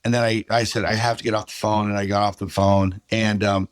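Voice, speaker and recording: A man's voice: lowish voice, flat delivery, a little fast, smooth, no room sound. A middle-aged man giving a personal testimony as a podcast guest, plainspoken and casual, acting out what people said. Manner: plainspoken, casual, retells dialogue.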